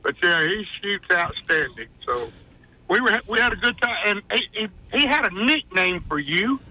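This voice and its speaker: A man's voice: high voice, sing-song, moderate pace, bright, forceful tone, poor audio. A man calling in to a radio show, friendly and rambling as he tells a story. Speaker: caller. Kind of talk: casual call-in chat.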